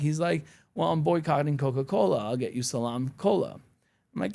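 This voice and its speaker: Blunt, gravelly-voiced man. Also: medium pitch, animated, brisk, a little mellow. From Syria. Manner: blunt, profane storytelling. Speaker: podcast guest, attorney. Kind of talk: casual interview conversation.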